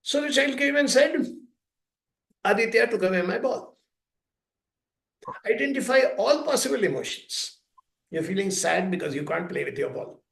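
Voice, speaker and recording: A man giving a talk at a school, speaking slowly and deliberately and acting out short dialogues between a parent and a child. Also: high-pitched, vocal fry, fairly bright tone. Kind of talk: lecture with plain everyday examples. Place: school hall. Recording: echoey room.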